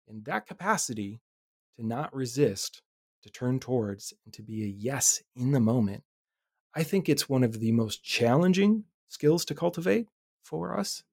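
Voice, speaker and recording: A man in his thirties hosting a podcast, telling a personal story in a reflective, animated way with casual swearing. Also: mid-range voice, normal speed, slightly rough, no echo, clean studio sound. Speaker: podcast host.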